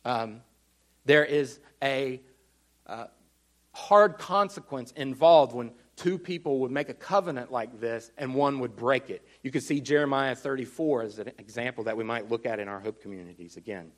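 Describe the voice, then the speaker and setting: A man preaching a teaching sermon, explaining earnestly and slowing down to stress key words. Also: medium pitch. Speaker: pastor.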